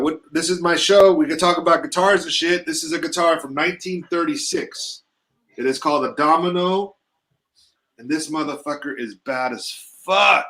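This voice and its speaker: Male live-stream host, slightly high, stuffy-nosed, rambling and profane. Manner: loose, profane, rambling shout-outs. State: stuffy from allergies. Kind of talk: casual live-stream chat.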